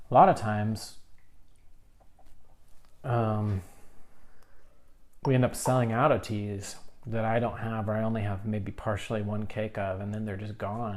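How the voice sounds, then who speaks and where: A man, a tea seller, calmly musing as he tastes and talks through a tea in a casual vlog. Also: lowish voice. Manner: calm, musing, unhurried. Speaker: tea seller tasting his own stock.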